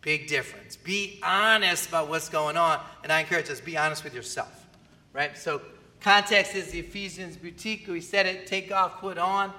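A man preaching a sermon as pastor, animated and often asking the audience questions. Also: a little high, moderate pace. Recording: long hall reverb.

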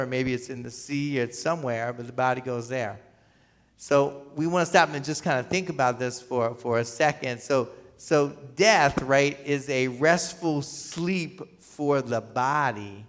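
A man's voice: mid-range voice, a bit bright. A man preaching a sermon as pastor. He asks the congregation questions, waits for their answers, and often repeats his words or restarts a phrase. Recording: long reverb of a large hall.

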